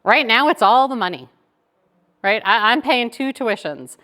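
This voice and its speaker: A woman's voice: fairly high pitch, a little slow. Chatty woman giving a keynote. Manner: chatty, animated, tags lines with "right?". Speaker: keynote speaker. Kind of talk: conversational keynote storytelling.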